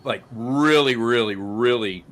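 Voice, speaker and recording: A man's voice: mid-range voice, unhurried, a bit bright. A man hosting a craft beer podcast in casual chat, easygoing and full of fillers, often repeating his own phrases. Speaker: podcast host.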